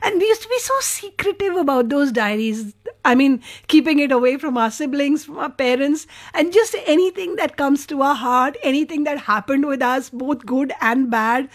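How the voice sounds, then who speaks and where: A woman radio host, chatting warmly through listener messages in an effusive, sentimental way. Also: high-pitched, animated, moderate pace. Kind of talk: radio show chat reading listener messages.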